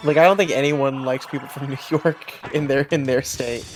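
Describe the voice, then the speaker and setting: A man's voice: medium pitch, steady tone, normal speed, faint music behind. A man co-hosting a casual gaming stream, teasing playfully and laughing often.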